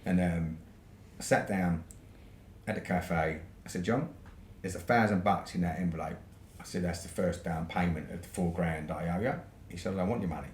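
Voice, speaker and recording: Speaking at a moderate pace in a low, slightly mellow voice, this man from the UK tells a long, easygoing story on a podcast. He swears a lot and often ends with "right?", and the recording has a roomy echo plus faint noise.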